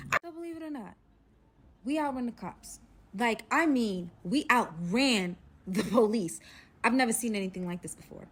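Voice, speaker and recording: A young woman telling a wild personal story in casual storytime style, slangy and dramatic, dropping to a hush and then rising again. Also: fairly high pitch, a little hiss or hum. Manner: dramatic and slangy, swings from hushed to loud.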